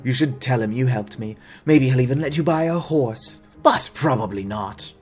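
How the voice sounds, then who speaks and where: A man's voice: mid-range voice, normal speed, faint music behind, lightly acted. A man doing a lovestruck young man. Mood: gushing. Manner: eager and gushing. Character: young male mayor's son, lovestruck and earnest.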